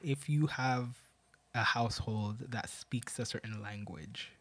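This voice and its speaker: A young Canadian-born man talking in a relaxed podcast chat, lively and quick to laugh, leaning on fillers. His voice sits at an ordinary middle pitch. The sound is dry and close, with no room echo. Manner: animated, laughing, many fillers. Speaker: podcast co-host. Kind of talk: casual group chat.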